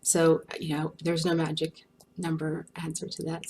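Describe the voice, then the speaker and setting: Low-voiced woman answering with many restarts. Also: completely flat delivery, normal speed, gravelly, a little mellow. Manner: hesitant, many restarts and fillers. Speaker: research guest speaker. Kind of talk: webinar Q&A answers.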